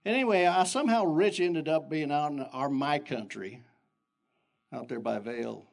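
An older man who is a pastor, giving an animated sermon full of personal stories that jump in pitch. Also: moderate pace, gravelly. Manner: animated storytelling with sudden pitch jumps and chuckles.

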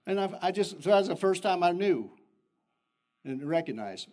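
An older man who is a pastor, giving an animated sermon full of personal stories that jump in pitch. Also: moderate pace. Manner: animated storytelling with sudden pitch jumps and chuckles.

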